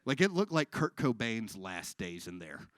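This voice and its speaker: A man performing a stand-up comedy set on a live stage, with deadpan delivery, crowd work and acted-out dialogue. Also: lowish voice, normal speed, no echo, clean studio sound.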